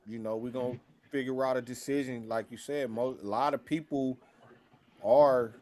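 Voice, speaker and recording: A man co-hosting a live talk stream, speaking in a halting way with many restarts as he works out his plans. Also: mid-range voice, steady tone, darkish tone, slight background noise. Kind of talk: casual chat.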